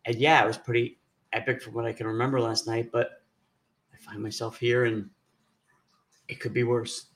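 A man's voice: medium pitch, flat delivery, normal speed, pauses often, fairly bright tone. A man with a New York accent, co-hosting a casual chat show, laid-back and playful and given to swearing. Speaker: co-host of a live chat show. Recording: echoey room with faint background sound.

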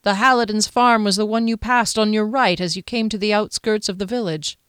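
A woman's voice: medium pitch, fairly even intonation, brisk, a bit bright, smooth, dry recording, clean studio sound, lightly acted. A woman voicing a worried middle-aged shopkeeper and mother, earnest and anxious, in a slightly raised voice. It is an audiobook reading.

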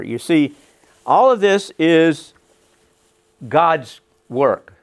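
Slow-speaking man preaching a sermon. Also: on the high side. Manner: earnest, conversational preaching with asides. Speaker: pastor.

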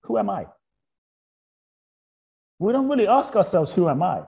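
A man talking as an interview guest in a reflective spiritual conversation. He asks repeated rhetorical questions and drops soft and slow on key points. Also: high-pitched, sing-song, gravelly.

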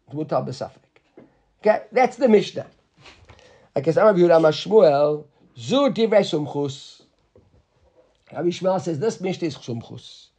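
Guy with a high voice going through talmud, keeps asking right?, explains slow. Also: expressive, dark tone, breathy edge. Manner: explains step by step, mixes Aramaic terms, asks "right?". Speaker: Talmud teacher. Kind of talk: Talmud lesson.

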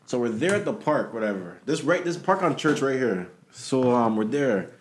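A man's voice: mid-range voice, moderate pace, a little hiss or hum. A man in casual chat, telling stories and acting out the people in them. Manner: animated storyteller, acts out quoted people.

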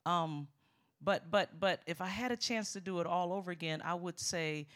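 Middle-aged woman preacher, bright forceful tone, emphatic sermon delivery with congregation call-outs. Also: fairly low pitch, normal speed. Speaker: guest preacher.

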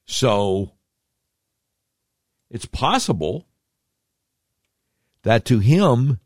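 A man's voice: medium pitch, sing-song, drawn-out words, darkish tone, no room sound, studio quality. A man hosting a podcast, giving rambling, sarcastic commentary with slangy asides. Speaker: podcast host.

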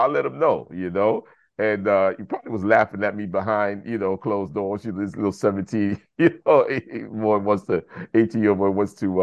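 A man's voice: sits low, no echo, lo-fi sound. A man, a podcast guest telling a story casually, acting out the dialogue with lots of "you know". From United States. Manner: animated storyteller who acts out quoted dialogue, many fillers.

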